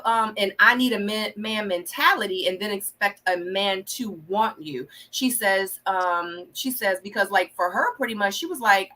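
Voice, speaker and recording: A woman hosting a casual live review of a reality show, talking fast and acting out what people said. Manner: animated, acts out quotes with big pitch jumps.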